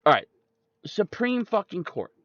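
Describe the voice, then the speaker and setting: High-voiced man on a profane rant. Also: big pitch swings, a little slow, a bit bright, no room sound. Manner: profane, ranting, combative. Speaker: streamer. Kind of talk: political rant. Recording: dull, dry close-mic sound.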